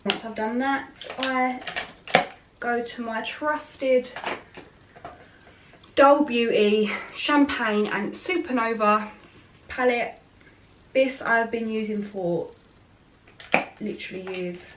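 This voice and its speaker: A woman's voice: fairly high pitch, slow, pauses often, recorded from a distance, a little hiss or hum. Chatty woman, slightly off-mic. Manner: frank and chatty, rambling with fillers. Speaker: beauty vlogger. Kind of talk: casual chat while doing makeup.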